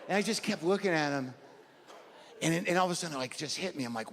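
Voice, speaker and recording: A man in his sixties doing a stand-up routine, neurotic and self-deprecating, jumping into high mocking voices. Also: quick pace, a bit bright. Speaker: stand-up comedian. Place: large comedy venue with live audience. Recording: roomy stage recording with crowd laughter.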